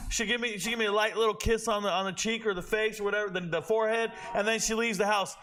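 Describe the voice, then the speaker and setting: A young man streaming a football watch party, telling animated stories to his chat and swearing freely. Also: high-pitched, quick pace. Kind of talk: casual chat.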